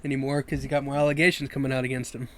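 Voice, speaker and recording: A man's voice: medium pitch, very fast. A man hosting a casual sports podcast on a video call, laid-back, steering the topics. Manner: relaxed, runs the topics and ad reads. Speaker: podcast host.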